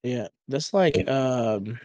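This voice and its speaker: A man's voice: mid-range voice, expressive, extremely slow, dark tone, dry recording, highs cut off. A man in casual podcast chat who rambles, trips over words and laughs at his own jokes. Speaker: podcast co-host.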